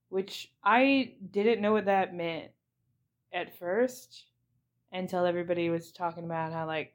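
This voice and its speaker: A woman's voice: lowish voice, measured pace. A young woman hosting a comedy podcast, recapping a movie in a rambling, giggly way with lots of fillers. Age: young adult. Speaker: podcast host.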